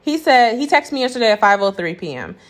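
A young woman with a fairly high voice tells her viewers a story in a blunt, incredulous, profane way. She reads out messages and throws in pointed, sassy comments along the way. Her delivery is casual, like unscripted storytelling. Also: sing-song, quick pace. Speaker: vlogger.

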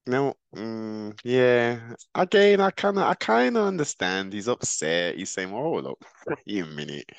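A man's voice: sits low, a bit bright, no room sound. A man hosting a podcast, giving rambling reaction commentary with frequent restarts. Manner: musing, digressive, frequent restarts. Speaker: podcast host.

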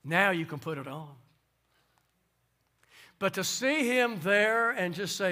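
A man preaches a sermon in a high, bright voice. He moves between hushed, conversational asides and ringing, emphatic declarations. He sounds like a pastor speaking to his congregation. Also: lively intonation, moderate pace. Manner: preaching with swings from soft asides to loud emphasis.

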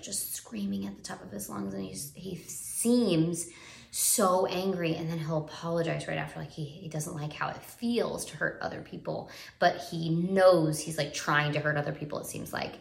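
A woman's voice: lowish voice, steady tone, normal speed, gravelly. A young woman talking earnestly about parenting in a rambling, casual way, full of fillers and restarts. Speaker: parenting vlogger. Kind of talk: casual live video chat. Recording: roomy echo.

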